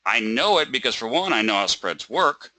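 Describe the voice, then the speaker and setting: A man's voice: mid-range voice, sing-song, normal speed, pushed and bright, slight background noise. A man teaching a live webinar lesson. He asks rhetorical questions, checks in with "right?" and "okay?", and acts out a stressed trader by repeating words. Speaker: trading webinar instructor.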